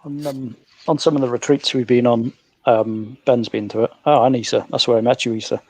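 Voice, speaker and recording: A man chatting in a relaxed, jokey way in a casual group conversation. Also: mid-range voice, fairly quick, no room sound. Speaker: panel member.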